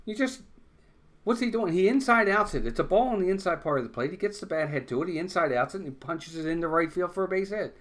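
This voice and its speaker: A man's voice: sits high, expressive, fast. A man hosting a fan watch-along stream, calling baseball play-by-play and insisting on his points over and over.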